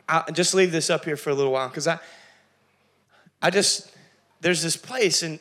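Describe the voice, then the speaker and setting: High, bright-voiced animated male pastor. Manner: animated, acting out quotes with big pitch jumps. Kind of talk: sermon.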